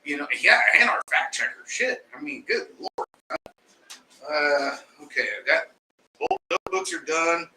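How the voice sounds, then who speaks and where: Excitable, foul-mouthed male co-host with a slightly high voice, recorded off mic in a roomy space. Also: a little slow. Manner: loud, excitable, swears freely. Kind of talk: casual chat. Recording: roomy and distant with faint noise.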